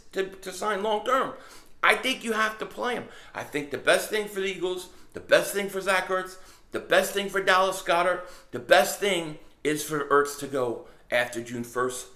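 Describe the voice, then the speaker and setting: A middle-aged man rants to camera about his team, his voice sitting a little higher than most men's. He talks casually and emphatically, hammering the same phrase again and again as he gets worked up. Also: echoey room. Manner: emphatic, repetitive, excitable. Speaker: sports vlogger. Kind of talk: casual fan rant to camera.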